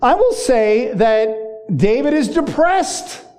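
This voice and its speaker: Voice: very animated, slow, darkish tone. A preacher teaching on the psalms in a loose, conversational way, with frequent fillers and self-corrections, and a voice that climbs when speaking the psalmist's words. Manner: conversational, with many fillers and restarts; rises in pitch when voicing the psalmist. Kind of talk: sermon.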